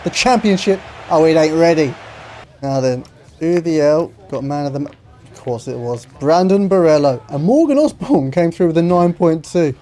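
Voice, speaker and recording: Excitable man commentating a game. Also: fairly high pitch, moderate pace. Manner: excitable, swings from shouting to muttering. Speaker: gaming YouTuber.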